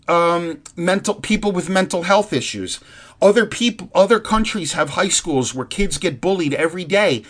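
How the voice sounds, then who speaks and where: A man delivering an angry, heartfelt ranting monologue to his viewers, profane and rambling with frequent restarts. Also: a little high. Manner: earnest and heartfelt.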